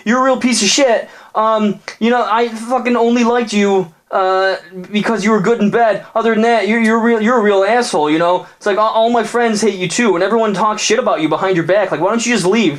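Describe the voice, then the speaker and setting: A man voicing an angry young woman who berates her boyfriend in a high, shrill, nagging voice. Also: fairly even intonation, brisk, hardly any pauses, natural voice. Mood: ranting.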